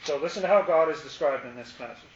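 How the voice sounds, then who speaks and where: A man's voice: a little high, fast, roomy sound, highs cut off, slight background noise. A man leading a casual Bible study, explaining passages with playful asides.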